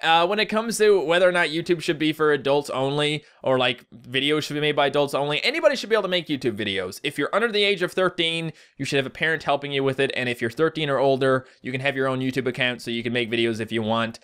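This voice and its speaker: A man's voice: on the high side, expressive, fast talker, hardly any pauses, a bit bright, smooth. A young man from Newfoundland, a gaming YouTuber, chatting casually and earnestly as he answers viewer comments. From Newfoundland, Canada. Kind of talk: casual comment-reading vlog.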